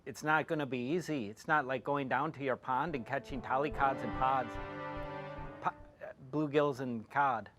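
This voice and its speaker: A man voicing a gruff male shark hunter in his own plain, flat reading voice, wooden and hesitant, with no accent. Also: mid-range voice, moderate pace, over music, natural voice. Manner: hesitant, wooden, loses the lines.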